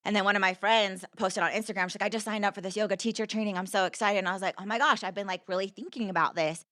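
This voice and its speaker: A woman's voice: mid-range voice, fairly even intonation, very fast, a bit bright, no room sound, clean studio sound. A young woman, a podcast guest, telling her story in an earnest, conversational way, repeating herself and filling with "like".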